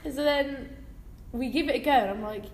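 A young woman is telling a story on a casual podcast, swearing freely and animated as she relives it. Her voice sits a little high. The room is echoey, with faint ambience behind her. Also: brisk, a little hiss or hum. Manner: sweary, laughing, animated retelling. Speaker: podcast co-host.

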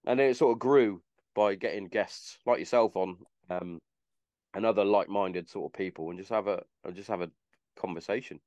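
A man's voice: sits low, moderate pace, a little mellow, dry recording, dull audio. A man hosting a podcast, chatting casually in a rambling way and swearing freely. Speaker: podcast host. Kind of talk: casual chat.

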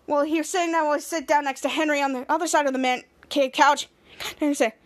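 A woman with a very high voice chats her way through a casual recap of a TV episode. She tells it scene by scene in a loose, rambling stream and often stops to restart a phrase. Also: fairly even intonation, fast. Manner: rambling play-by-play retelling with frequent restarts. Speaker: podcast host.

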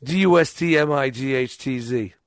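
A man's voice: medium pitch, normal speed, vocal fry, no echo. Profane rambling male storyteller, dry mic. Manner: rambling, profane, acts out quotes.

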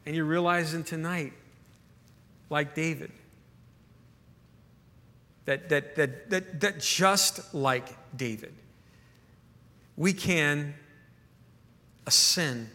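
A man preaching with earnest, stumbling repetition, his voice bright and forceful and pitched a touch high. His sermon rings out with a long hall reverb behind it. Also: slow pace, long pauses. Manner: earnest, repeats words when stirred. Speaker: pastor.

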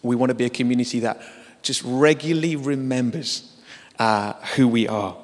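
A man's voice: mid-range voice, normal speed, in a large hall. A man preaching a sermon in a church, talking in a conversational way with self-deprecating humor.

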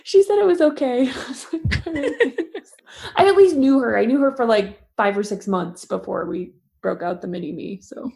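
A woman in her thirties chats casually as a veterinarian on a podcast. Her voice sits a little high and has a gravelly fry. She tells animated stories and acts out quotes. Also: normal speed, hardly any pauses.

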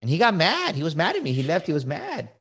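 A man's voice: on the high side, huge pitch swings, fast talker, a bit bright, husky. A middle-aged man on a podcast, giving casual motivational advice in an emphatic way, often repeating words and checking in with "right?". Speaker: podcast guest, coach.

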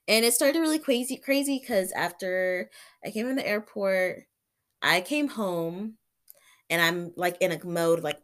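A woman's voice: medium pitch, expressive, moderate pace, fairly bright tone. Chatty young woman telling a story. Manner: chatty, heavy use of "like", acts out her own reactions. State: sick with covid and an ear infection. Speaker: vlogger. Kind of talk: casual storytelling.

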